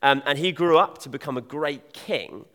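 Chatty preacher from in a reverberant hall. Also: male voice, on the high side, moderate pace, fairly bright tone. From Devon, England. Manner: chatty, jokey, addresses audience directly. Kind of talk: informal sermon.

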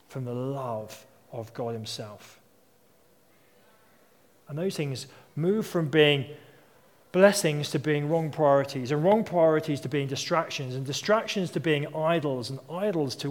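A man in his thirties or forties preaching a sermon, telling stories in a conversational way and asking rhetorical questions. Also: a little high. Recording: long hall reverb.

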